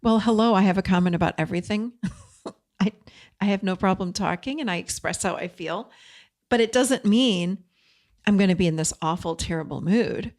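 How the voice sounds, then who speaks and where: A woman's voice: mid-range voice, moderate pace, a little mellow. A woman hosting an advice podcast, talking in an earnest, direct coaching way and mixing in personal stories. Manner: chatty, frequent "you know". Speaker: podcast host and codependency coach.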